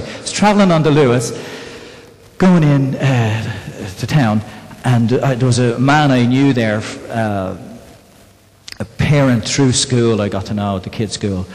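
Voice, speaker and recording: A man's voice: mid-range voice, darkish tone. A man preaching a sermon in a conversational way, often asking the congregation questions. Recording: long reverb in a church hall.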